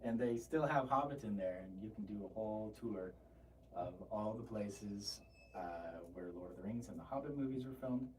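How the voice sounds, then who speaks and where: A man's voice: lowish voice, normal speed, a little mellow. A man in his thirties co-hosting a casual travel chat at home, joking and laughing often. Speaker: podcast co-host. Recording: distant mic with faint noise.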